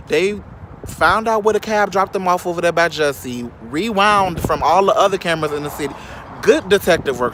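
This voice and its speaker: Man from Chicago, slightly high voice, sassy gossip vlogger, outdoors with faint street noise. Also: fairly bright tone. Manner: sassy, shady, keeps calling the viewer "child". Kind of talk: casual gossip commentary. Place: outdoors in sunlight.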